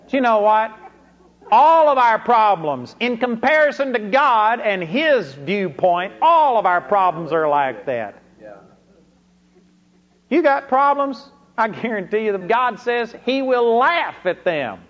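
A man's voice: high voice, sing-song, slow, fairly bright tone. A man preaching a sermon, telling folksy stories from his ministry and rising into bursts of emphasis. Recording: dull lo-fi recording.

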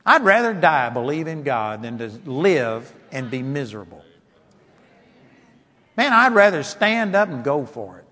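A man preaching a sermon with passion, building to shouts and mocking timid prayers in a whiny voice. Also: on the high side, sing-song, a little slow. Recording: long hall reverb.

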